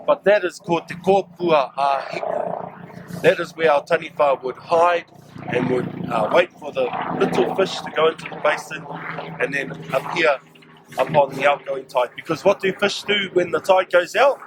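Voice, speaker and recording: A man's voice: a little high, normal speed, background noise. A man with a New Zealand accent guiding a staff group, telling them about local sites and often asking them questions. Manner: engaging, asks the group questions. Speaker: cultural guide leading staff. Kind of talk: outdoor cultural site talk to a group.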